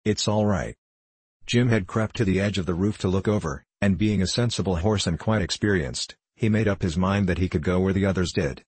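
A man reading a children's storybook aloud in a steady, even voice. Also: low voice, a little fast, hardly any pauses, husky, no room sound. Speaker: audiobook narrator. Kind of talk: storybook narration.

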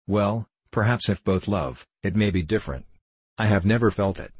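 A man reading the lines of a proud, aloof young woman in a storybook, in a cool, gently reproving manner. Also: lowish voice, normal speed, slightly rough, dry recording.

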